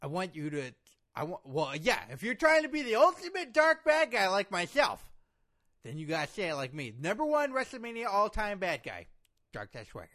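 A man's voice: high-pitched, wildly swooping pitch, moderate pace, pushed and bright, heavily acted. A man impersonating a boastful male pro-wrestling villain, talking with a lisp in a pompous, bossy, rambling way. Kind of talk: comedic impression sketch.

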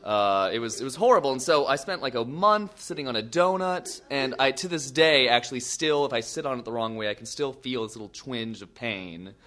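Young man, storyteller, middle pitch, self-deprecating, animated, comic asides. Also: a little fast, few pauses.

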